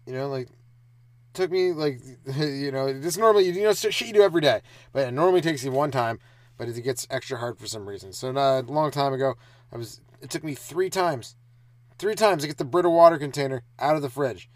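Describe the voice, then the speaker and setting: A young man hosting his own comedy podcast, riffing and ranting alone with lots of swearing and quick mocking asides. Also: mid-range voice, animated, dry recording. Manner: profane, riffing, mocking voices mid-rant. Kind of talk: rambling solo comedy podcast.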